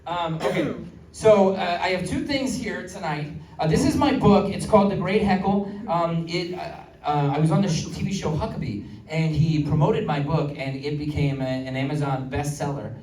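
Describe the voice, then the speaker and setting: A man's voice: fairly high pitch, normal speed, crowd noise. Man doing stand-up, roomy and distant. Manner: chatty storytelling with filler words. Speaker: stand-up comedian and pastor. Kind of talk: stand-up comedy set. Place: comedy venue with live audience. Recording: roomy live audience recording from afar.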